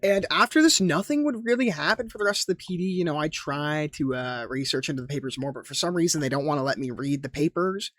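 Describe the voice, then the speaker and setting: A young man rambles through a gaming recap in loose slang, swearing freely. His voice sits a little high for a man. The sound is dry and close, with no room around it. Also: quick pace, few pauses, fairly bright tone, no echo. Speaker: gaming YouTuber. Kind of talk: casual game recap narration.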